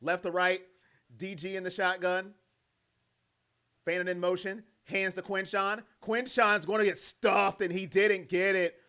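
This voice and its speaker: Excitable high-voiced fan doing play-by-play. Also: male voice, a little slow, clear, resonant tone. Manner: animated, jokey, mimics players in quoted voices. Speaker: fan commentator.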